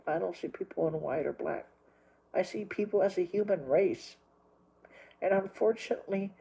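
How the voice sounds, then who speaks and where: A man's voice: fairly high pitch, gravelly, mellow, breathy edge, low-quality recording. A man talking straight to his viewers while crying, pleading and repeating himself, with plenty of swearing. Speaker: livestreamer. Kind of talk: emotional monologue to viewers.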